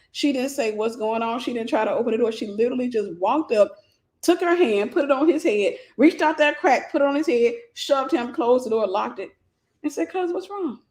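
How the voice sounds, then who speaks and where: A woman host telling a personal story, animated and repeating phrases for emphasis. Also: high voice.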